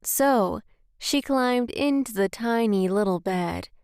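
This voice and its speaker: A woman whose native language is Spanish, reading a children's story aloud in a slow, careful way. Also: fairly high pitch, a little mellow, clean tone, dry recording, clean studio sound.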